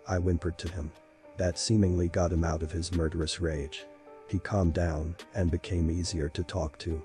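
A man reading a first-person horror story aloud in a steady, unhurried narration. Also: sits low. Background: faint background music.

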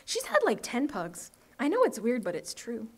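An eerily calm, bossy little girl, read aloud by a woman, hushed and matter-of-fact. Her voice sits a touch high and stays level and sure. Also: moderate pace, heavily acted.

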